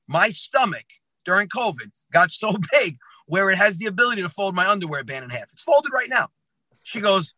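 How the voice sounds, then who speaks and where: Male comic, 30s, bright and a bit high, animated storyteller, dry close sound. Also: quick pace, no room sound, poor audio. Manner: lively, acts out dialogue, says "man" often. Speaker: comedian guest.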